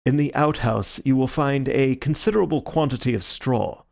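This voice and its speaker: A man voicing a calm, theatrical gentleman detective with a measured, courteous manner, in an audiobook reading. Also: mid-range voice, gravelly, lightly acted.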